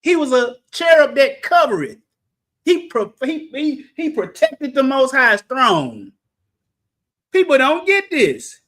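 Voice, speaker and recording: A man with a very high voice preaches through a Bible study with exuberant energy. His pitch swoops widely, and he shouts exclamations between joking asides. His tone is bright and forceful, yet he takes the words slowly. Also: sing-song. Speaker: Bible teacher.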